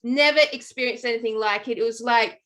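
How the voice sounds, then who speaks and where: A middle-aged Australian woman telling a long story in casual chat, animated and rambling with many fillers and restarts. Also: a little high, brisk. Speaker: podcast co-host.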